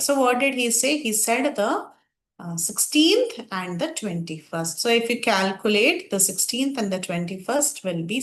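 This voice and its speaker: A woman leads a scripture class and walks her students through each point. She poses questions, then answers them herself. Her mid-pitched voice carries a roomy echo. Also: fairly bright tone. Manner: explanatory, asks and answers her own questions. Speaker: teacher. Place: online class.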